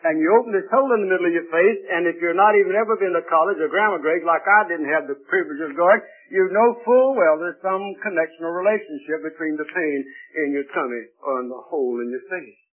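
A man's voice: on the high side, quick pace, few pauses. Folksy preacher man on tinny radio. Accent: American. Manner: folksy, emphatic, swings from loud to quiet. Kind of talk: sermon. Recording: tinny old radio broadcast.

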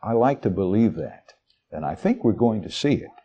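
A man preaching a sermon, reading Bible verses and explaining them in a homely, chatty way. His voice sits low and warm, and his pitch swings widely as he leans into the words. He often turns to the congregation with asides. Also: animated, normal speed, husky, highs cut off. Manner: folksy, conversational asides to the congregation; reads verses aloud with shifting dramatic emphasis.

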